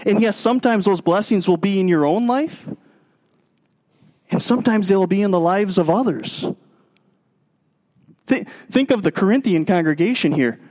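A man preaching a sermon as pastor, emphatic, moving between raised passages and quiet, drawn-out stretches. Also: fairly high pitch. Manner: emphatic, swinging between raised and hushed delivery.

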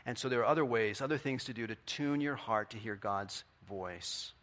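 A middle-aged man preaching a sermon in a conversational way, asking the congregation questions and swinging from quiet to loud. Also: fairly low pitch, normal speed. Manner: conversational, asks the audience questions. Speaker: pastor.

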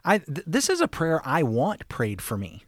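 An American man co-hosting a podcast, explaining Bible passages in an earnest, conversational way that grows animated when he makes a point. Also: on the high side, moderate pace, dry recording, studio quality. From United States. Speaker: podcast co-host, Bible teacher.

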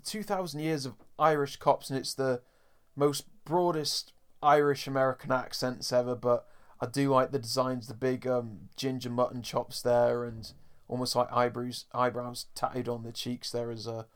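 Podcast co-host, mid-pitched, chatty recapper who slips into impressions. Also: male voice, flat delivery, smooth. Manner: chatty recapper, drops into quick character impressions. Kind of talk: casual podcast chat.

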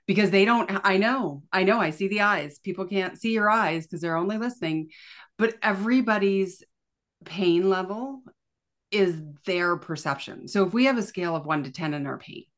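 A woman from Canada, a podcast guest, talking in a casual, animated way full of "like" fillers. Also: medium pitch, normal speed. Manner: animated, chatty, lots of fillers like "like". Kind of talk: casual conversational interview.

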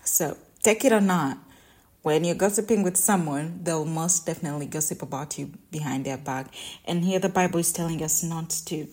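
A shy, soft-spoken woman hosting a devotional Bible-reading podcast, emotional and often laughing as she talks, recording while on vacation. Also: low voice, moderate pace. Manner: shy, introverted. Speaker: podcast host. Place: vacation lodging.

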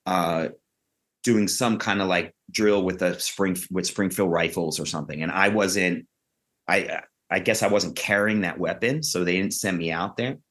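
A man with a fairly low voice, swapping stories on a podcast. He talks in an animated, profane, freewheeling way and builds his anecdotes with plenty of energy. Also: moderate pace. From Queens, New York. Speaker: actor guest. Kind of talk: casual podcast storytelling.

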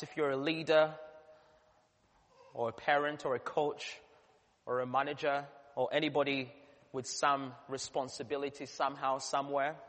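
A man, a pastor, delivering a sermon with earnest emphasis that swells to loud peaks. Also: mid-range voice. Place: church. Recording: long church reverb.

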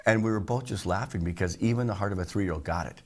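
A middle-aged pastor preaches with a very low, deep voice. He is earnest and emphatic, slowing down to stress key phrases as he tells personal stories to his church. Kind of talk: sermon.

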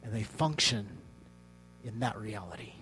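A man preaching a sermon in a conversational way, telling a story with hushed asides. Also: fairly low pitch, expressive, measured pace, slight background noise, rough recording.

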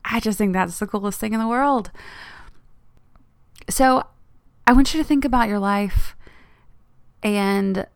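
A woman's voice: mid-range voice, vocal fry, clean tone, dry recording, clean studio sound. A woman hosting her own podcast, talking in a chatty, rambling way and laughing often. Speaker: podcast host. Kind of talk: casual solo podcast monologue.

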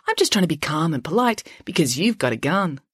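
A prim, articulate schoolgirl laying out her reasoning with calm superiority, read by a woman. The voice is dry and close, only slightly lifted from a plain reading tone. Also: low voice, a little fast, slightly rough, dry recording, exaggerated voice. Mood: coolly superior. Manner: prim, articulate, coolly polite. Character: know-it-all schoolgirl, calm and precise.

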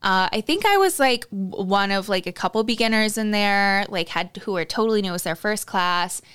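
A woman's voice: medium pitch, expressive, a little fast, fairly bright tone, smooth. A woman hosting a solo podcast, telling a story in a candid, chatty way. She swears freely, uses lots of "like" fillers, and talks straight to her listeners. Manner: confiding, addresses listeners directly. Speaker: podcast host.

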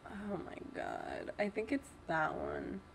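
A woman playing along as a quiz contestant, laughing often and thinking her answers out loud. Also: medium pitch, wildly swooping pitch, slow pace, gravelly, a little hiss or hum. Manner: giggly, thinks aloud, mutters to herself. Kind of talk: playful quiz game with a friend.

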